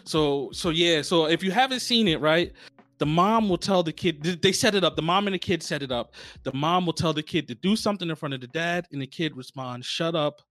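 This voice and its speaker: A man co-hosting a casual podcast, telling stories in a slangy, animated way. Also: fairly high pitch, fairly quick, dry recording. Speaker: podcast co-host. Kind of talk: casual chat.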